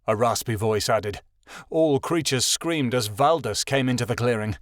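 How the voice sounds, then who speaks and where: A male narrator reading a fantasy novel aloud in a steady, even storytelling manner. His voice sits in a middling register. The recording is close and dry. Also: medium pitch, normal speed, no echo. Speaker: audiobook narrator. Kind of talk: scripted narration.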